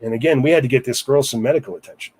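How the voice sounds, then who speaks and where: A man's voice: medium pitch, rapid-fire, darkish tone, breathy edge. A man recounting a personal story in a casual interview, rambling with asides to the listener. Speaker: guest storyteller.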